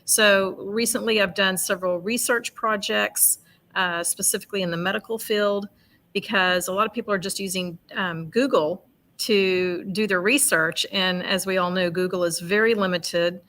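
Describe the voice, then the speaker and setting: Bright-voiced woman explaining her business. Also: mid-range voice, steady tone, normal speed. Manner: eager, explanatory, with fillers. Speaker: guest, AI consultant. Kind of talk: casual interview talk.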